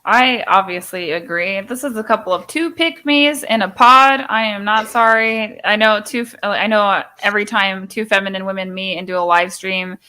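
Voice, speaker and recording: A woman's voice: mid-range voice, normal speed, hardly any pauses, bright, forceful tone. A young woman hosting a casual live stream chat, talking in an emphatic, opinionated way and acting out little quoted exchanges.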